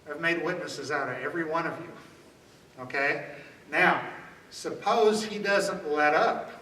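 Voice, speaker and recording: A man's voice: a little high, unhurried, pushed and bright. A man teaching a self-defense workshop in a conversational, demonstrative way, often checking in with "okay?". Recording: echoey room from far off.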